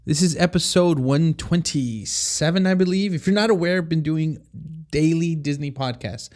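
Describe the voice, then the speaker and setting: A man hosting a podcast in an energetic, fast-talking way, laughing often. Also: on the high side. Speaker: podcast host. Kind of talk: casual upbeat podcast chat.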